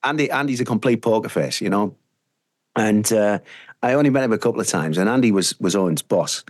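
Middle-aged Teesside man, low voice, chatty anecdotal guest, dry booth sound. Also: brisk, no room sound. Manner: rambling, anecdotal, frequent fillers. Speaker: radio presenter, guest. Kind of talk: casual interview storytelling.

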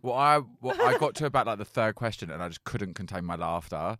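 A young man from Britain co-hosting a casual chat, talking loosely with lots of fillers and quick laughs. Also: fairly low pitch, lively intonation, fairly bright tone, dry recording, studio quality. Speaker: podcast co-host.

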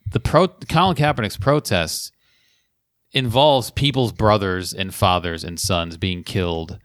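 A man's voice: sits low, a little slow, no room sound, clean studio sound. A man, a stand-up comedian, telling a story in a casual chat and acting out the people he quotes. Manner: animated storyteller, acts out quotes. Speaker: stand-up comedian, podcast guest.

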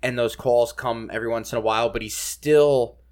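A man's voice: mid-range voice, steady tone, fairly quick, darkish tone. Rambling man in casual sports chat. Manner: rambling, leans on "like" and "you know". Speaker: podcast co-host.

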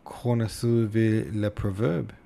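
A man's voice: lowish voice, moderate pace, creaky, warm tone. Man doing a mocking dinner guest. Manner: mocking, slipping into French. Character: sardonic, witty male dinner guest.

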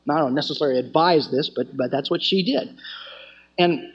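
Husky-voiced man telling a sermon story. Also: a little high, brisk. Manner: earnest storytelling, often restarting phrases. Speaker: campus ministry teacher. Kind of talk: teaching sermon with stories. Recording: dull lo-fi recording.

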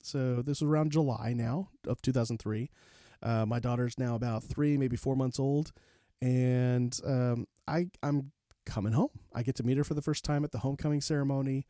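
A man's voice: medium pitch, fairly even intonation, normal speed, dark tone, no echo, clean studio sound. A man in his forties, a podcast guest, candidly recounting his life story with plenty of fillers and restarts. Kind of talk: personal storytelling in an interview.

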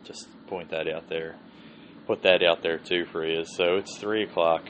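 A man's voice: low-pitched, fairly even intonation, moderate pace, a bit bright. A man hosting a podcast, telling a rambling, swear-heavy story and laughing often. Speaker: podcast host. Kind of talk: casual storytelling. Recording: dull lo-fi sound with faint hiss.

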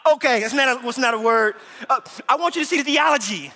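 A man preaching a sermon as associate pastor, animated and humorous, calling out to the congregation. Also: very high-pitched, quick pace, long reverb tail.

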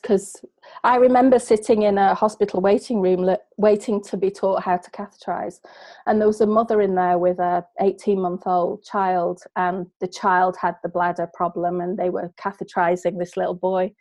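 A middle-aged woman appearing as a guest, a business coach, tells a personal story in an earnest, heartfelt, emotional way. Her medium-pitched voice is level and a little mellow at a normal pace, with no room sound.

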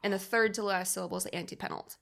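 A woman's voice: mid-range voice, steady tone, very fast, vocal fry, a bit bright. A young woman co-hosting a casual podcast chat, explaining at length and laughing often. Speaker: podcast co-host.

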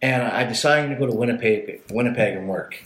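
Man, candid storyteller, swears freely, mid-pitched, roomy mic sound. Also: fairly quick, slight background noise. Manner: blunt, swears a lot, animated when retelling scenes. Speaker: guest telling his life story. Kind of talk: casual storytelling chat.

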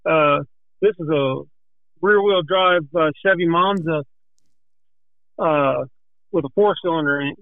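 A man's voice: a little high, unhurried, vocal fry, pauses often, no room sound. Breathless folksy man telling a racing story on a tinny phone line. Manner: animated, folksy, rambling with restarts. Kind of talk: casual storytelling.

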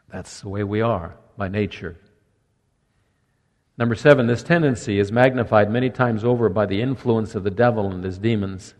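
Older male pastor preaching in a hall. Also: mid-range voice. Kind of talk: sermon. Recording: long echo of a church hall.

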